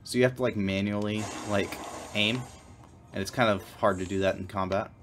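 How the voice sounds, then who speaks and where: A man's voice: lowish voice, steady tone, fairly quick, over music. A man co-hosting a livestream while playing a game, talking in a laid-back way. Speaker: co-host playing a video game. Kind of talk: casual livestream chat.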